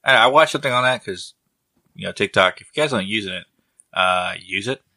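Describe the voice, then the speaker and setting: Low-voiced rambling podcast man. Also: expressive, fairly quick, bright, forceful tone, no echo. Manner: rambling, restarts, jokey. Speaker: podcast co-host. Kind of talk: casual chat.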